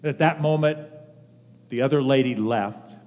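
A man in his seventies giving a sermon as pastor, telling a personal story earnestly with measured pauses. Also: medium pitch, a little mellow. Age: 70s. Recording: long reverb of a large hall.

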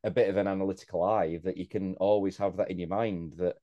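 A man's voice: sits low, fairly even intonation, quick pace, mellow, no room sound, highs cut off. A man co-hosting a casual beer podcast, reflective and talking in long winding sentences, drawing the others in with questions. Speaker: podcast co-host. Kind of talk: casual chat.

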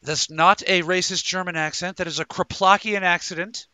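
A man's voice: high-pitched, steady tone, moderate pace, sharp tone, clean tone, no echo. A man hosting a live talk show in a rambling, jokey way, full of stumbling restarts. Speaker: host. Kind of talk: casual live-show chat.

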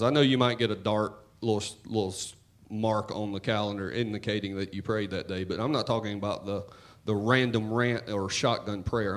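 A man preaching a sermon in church, talking to the congregation in a conversational, joking way and swinging between loud and hushed. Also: lowish voice. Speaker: pastor.

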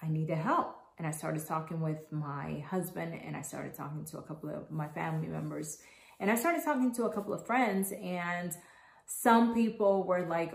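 A woman's voice: sits low, normal speed, vocal fry. A woman in her thirties hosting a podcast, speaking candidly and earnestly about her own experience. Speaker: podcast host. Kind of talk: personal podcast monologue. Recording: echoey room.

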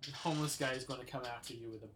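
A man's voice: medium pitch, steady tone, racing, a bit bright, slight background noise, low-quality recording. A man narrating as game master of a tabletop game, in a loose style full of "like" fillers.

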